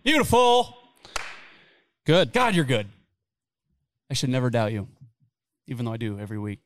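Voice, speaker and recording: A man's voice: mid-range voice, expressive, a little fast, no echo, clean studio sound. A man hosting a podcast, joking around and swearing in casual chat, recorded at a brewery taproom. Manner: joking, swears freely, playful. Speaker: podcast host.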